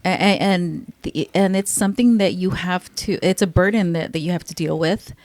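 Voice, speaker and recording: A woman's voice: fairly low pitch, moderate pace, darkish tone, no room sound. A woman chatting casually as a podcast co-host, speaking in a reflective, earnest way. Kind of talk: casual chat.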